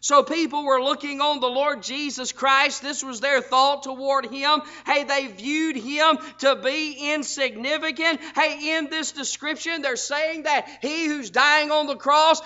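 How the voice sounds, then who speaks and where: Pastor, emphatic sermon delivery, sharp bright voice, dull recording. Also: male voice, very high voice, steady tone, measured pace, few pauses. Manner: fervent, emphatic preaching with frequent "hey". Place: church sanctuary.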